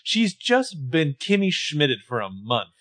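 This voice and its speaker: A man co-hosting a podcast, recapping a TV episode with jokey, animated commentary. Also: a little high, slow. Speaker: podcast co-host. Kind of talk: casual chat.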